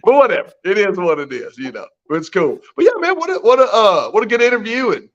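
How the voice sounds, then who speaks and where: A man's voice: sits high, big pitch swings, fast, a bit bright. Rambling folksy man, dull lo-fi sound. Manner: rambling, folksy, with mild swearing. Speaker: podcast co-host. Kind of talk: casual podcast chat.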